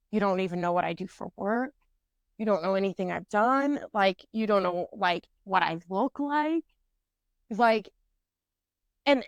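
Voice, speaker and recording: A young adult woman co-hosting a podcast, telling a story in a casual, profane, animated way. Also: mid-range voice, no echo. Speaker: podcast co-host.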